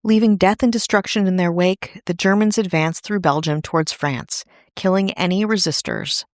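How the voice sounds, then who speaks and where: A woman's voice: fairly low pitch, normal speed, no room sound. Woman, podcast host, storytelling narration, wry, dry sound. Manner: wry asides in a serious telling.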